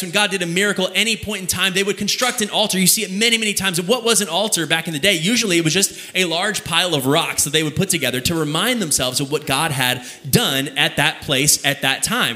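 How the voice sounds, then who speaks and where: Bright-voiced young pastor. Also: male voice, on the high side. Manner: conversational storytelling, laughs at himself, slows down for emphasis. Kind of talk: sermon.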